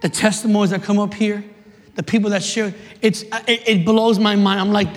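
Man preacher with a very high voice, impassioned and repetitive, sermon delivery with sudden shouts, long hall reverb. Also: little pitch movement, moderate pace. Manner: impassioned, repeats phrases, swings from shouting to hushed.

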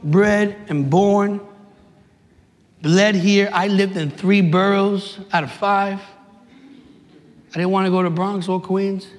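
High-voiced New preacher in a hall. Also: male voice, fairly even intonation, slow pace, pauses often, a little hiss or hum. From New York City, USA. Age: 30s. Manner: passionate, rising to emphatic shouts, with joking asides. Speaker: youth minister. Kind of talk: preaching to a live audience. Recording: reverberant hall.

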